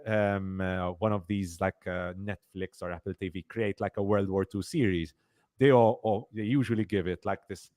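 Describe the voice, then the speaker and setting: Man, fairly low voice, casual podcast host, rambling, fillers, emphatic. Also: steady tone, normal speed, a little mellow. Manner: rambling, many fillers and repeats; emphatic complaints. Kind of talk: casual review chat.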